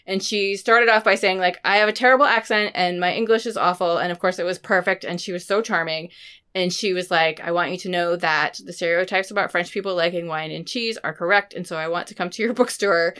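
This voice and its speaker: A woman's voice: lowish voice, fairly quick, a bit bright, clean tone. A woman co-hosting a book podcast in a casual, enthusiastic chat. She peppers her talk with "like" and sounds a little under the weather. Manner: chatty, enthusiastic, fillers like "like". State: sick. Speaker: podcast co-host.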